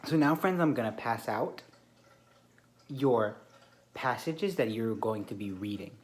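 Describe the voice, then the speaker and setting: Seated with a few children at a classroom table, a man teaching them speaks in a medium pitch, offering calm, deliberate instructions while describing and complimenting how they behave.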